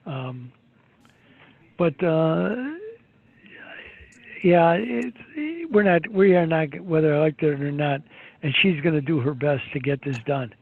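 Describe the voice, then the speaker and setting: A man holds forth on markets in a rambling, opinionated way, full of restarts and fillers. His voice is husky and sits fairly high. The sound is thin and phone-like. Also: takes it slowly, long pauses, no room sound. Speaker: market commentator guest. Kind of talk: casual market commentary. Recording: tinny phone-like line.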